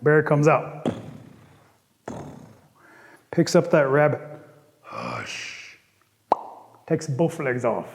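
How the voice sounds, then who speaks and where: A man from the Cherokee Nation telling a traditional story in an animated, rhythmic, playful way. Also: fairly high pitch, slow pace, pauses often. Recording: long reverb.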